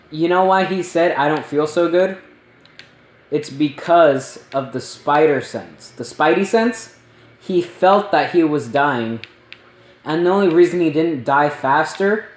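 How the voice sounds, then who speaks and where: A man talks through a movie in a casual spoiler review, slowly and a little high, with many ums and likes. His voice rings in a roomy, echoey space. He rambles and gets excited as he goes. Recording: roomy echo.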